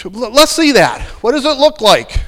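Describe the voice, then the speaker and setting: A man delivers a dramatic sermon, pausing on rhetorical questions. His voice sits high and swoops widely while he takes his time. The sound carries a long reverb from a big hall. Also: very animated. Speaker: pastor.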